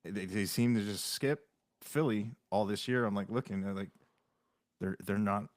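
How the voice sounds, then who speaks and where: A man's voice: lowish voice, moderate pace, no room sound. A man hosting a podcast in casual chat, chatty and full of fillers. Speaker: podcast host.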